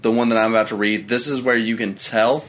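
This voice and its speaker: A man's voice: fairly low pitch, steady tone, a little fast, a bit bright. A young man co-hosting a podcast in casual, crude banter. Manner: crude, laid-back banter. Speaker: podcast co-host. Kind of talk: casual chat.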